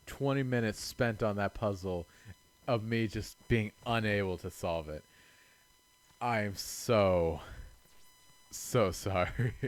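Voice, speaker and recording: A man's voice: lowish voice, no room sound. Exasperated young man muttering at a game. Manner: exasperated, self-mocking, swinging between mutters and loud outbursts. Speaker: gaming channel host. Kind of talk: casual let's-play commentary.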